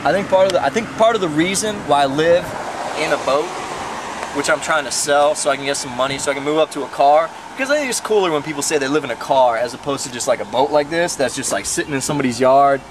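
A young man talks fast over background noise, recorded by a street as he improvises a rambling comedy bit playing a goofy salesman. He starts off in a put-on high voice.

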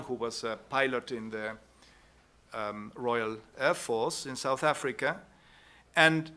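Slow, bright-toned male lecturer. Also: on the high side. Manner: unhurried, pauses with "no?" tags and restarts. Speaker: conference speaker. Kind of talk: academic conference talk.

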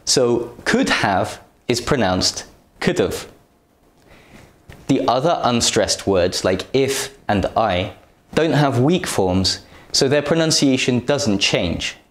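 Slow, animated male teacher voice. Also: medium pitch, reverberant. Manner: careful, deliberate, clearly enunciated. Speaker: English pronunciation teacher. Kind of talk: slow scripted lesson narration.

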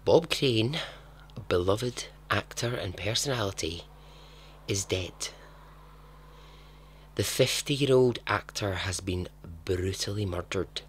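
A man's voice: low voice, slight background noise. A man hosting a storytelling podcast, narrating in a chatty, dramatic way with joking asides. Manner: chatty, dramatic, laughs at his own asides. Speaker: podcast host.

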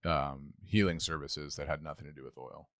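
A man's voice: a bass voice, fairly even intonation, normal speed, a bit bright, no echo, clean studio sound. A middle-aged man co-hosting a casual talk, thinking aloud with many restarts. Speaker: podcast co-host, pastor. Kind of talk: casual conversation.

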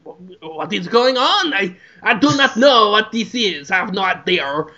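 Brief: flustered male restaurant owner, high-pitched and hesitant, as a man puts him on; lo-fi sound. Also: expressive, a little slow, bright, forceful tone, exaggerated voice. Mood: baffled. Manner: hesitant, baffled.

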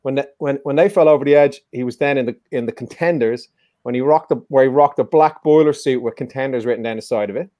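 A man's voice: medium pitch, fast talker, dark tone, dry recording, dull audio. A man hosting a live-streamed music quiz in a casual, joking, teasing way. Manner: joking, teasing, playful banter. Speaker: quiz show host.

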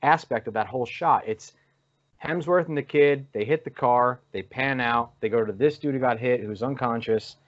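A man's voice: medium pitch, moderate pace, no room sound. Podcast co-host, man, enthusiastic rambler, dry close audio, slightly dull. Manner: enthusiastic, rambling scene descriptions. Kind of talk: casual chat reviewing a movie.

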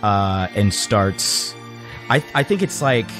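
A man's voice: fairly low pitch, lively intonation, takes it slowly, over music. A man playing a tabletop game, hesitantly describing his character's actions with many fillers. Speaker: player. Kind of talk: casual tabletop role-play.

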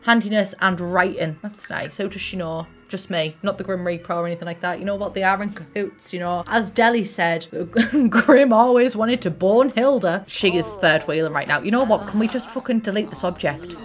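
A young woman with a Teesside accent giving casual, excitable, sweary let's-play commentary and chatting to the characters on screen. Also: on the low side, fairly quick. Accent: Teesside English. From Middlesbrough, England. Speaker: gaming YouTuber. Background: faint game music.

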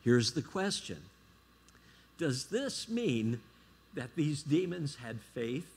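A man's voice: medium pitch, big pitch swings, takes it slowly, darkish tone, slightly rough. A middle-aged man preaching a sermon as a guest speaker. He is emphatic and keeps checking in with the congregation.

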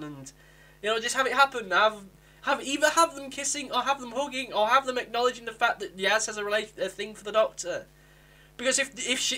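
A young man from England casually reviewing a TV episode, animated and acting out characters with sudden jumps in pitch. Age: young adult.

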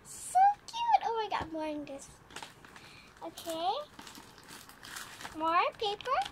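A young female vlogger opening a gift, excitable and quick to squeal with delight. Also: very high-pitched. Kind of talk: gift unboxing vlog. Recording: background noise with paper crinkling.

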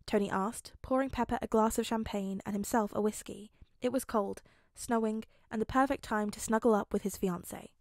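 A woman narrating a fan fiction audiobook with clear, steady storytelling. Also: on the high side, normal speed, no room sound, studio quality. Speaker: podfic reader.

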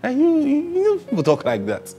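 A man's voice: extremely high pitch, wildly swooping pitch, a little fast, dark tone, soft background music. A man preaching a sermon who asks rhetorical questions, repeats his phrases and acts out what people say.

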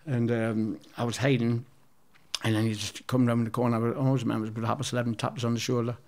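A man's voice: mid-range voice, level tone, fast talker, a little mellow. A man, telling rambling, sweary anecdotes as an interview guest. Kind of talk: casual storytelling.

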